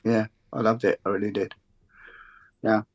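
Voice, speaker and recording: Low-voiced older man telling war stories. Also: flat delivery, moderate pace, dull audio. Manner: rambling, frequent restarts and fillers, swears freely. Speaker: guest, former military instructor. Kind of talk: casual conversational storytelling.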